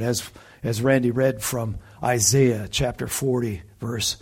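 A man's voice: mid-range voice, fairly even intonation, takes it slowly, a little mellow, husky. A man preaching a conversational sermon, teaching a Bible passage with emphasis and rhetorical asides to the listeners.

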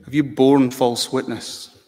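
A man's voice: mid-range voice, flat delivery, slow, a little mellow. A man preaching a sermon as pastor, earnest, asking the congregation pointed rhetorical questions. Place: church. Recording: long church reverb.

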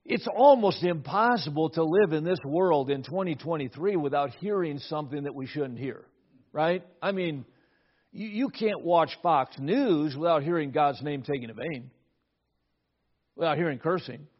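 Husky guy preaching, kinda high voice, telling a story, dull lo-fi sound. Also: expressive, normal speed. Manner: storytelling, repeats words at starts of phrases. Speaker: pastor. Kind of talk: sermon with personal story. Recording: dull lo-fi recording.

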